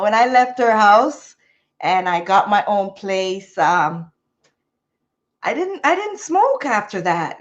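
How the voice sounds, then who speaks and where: A woman's voice: mid-range voice, lo-fi sound. A woman telling a story casually in a vlog, repeating phrases and laughing between them. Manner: repetitive, laughing, animated storytelling. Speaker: vlogger.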